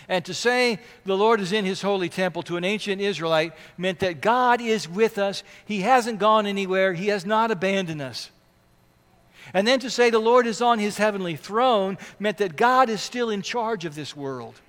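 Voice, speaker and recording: A man with a notably high voice delivers a sermon, earnestly preaching and letting his volume climb and fall for emphasis. The sound carries a long hall reverb around him. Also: normal speed, fairly bright tone. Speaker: pastor.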